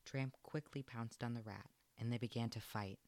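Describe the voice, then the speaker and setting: A man narrating a children's storybook aloud in an expressive, lilting read. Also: medium pitch, normal speed, dry recording.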